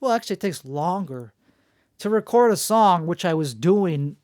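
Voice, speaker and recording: Gravelly man rambling alone. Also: high-pitched, expressive, moderate pace, darkish tone, dry recording, studio quality. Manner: self-mocking and jokey, full of restarts. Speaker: podcast host. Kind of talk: rambling solo monologue.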